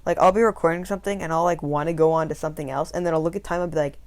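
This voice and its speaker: A teenage boy from Minnesota co-hosts a casual podcast, rambling with plenty of "like" and frequent restarts. His voice is breaking with puberty, sitting fairly high with a steady tone. He talks very fast.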